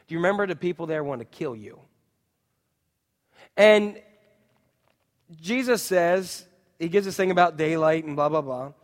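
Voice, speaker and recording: A man preaching a sermon as pastor, animated, acting out quotes and putting questions to his listeners. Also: a little high, normal speed, pauses often, in a large hall. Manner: animated, acts out quotes and asks the congregation questions.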